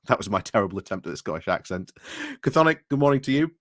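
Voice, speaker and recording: A man's voice: on the low side, sing-song, quick pace, a bit bright, no echo, clean studio sound. A British man hosting a casual livestream, rambling through commentary with restarts and greetings to chat, recorded indoors at home. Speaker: livestream host.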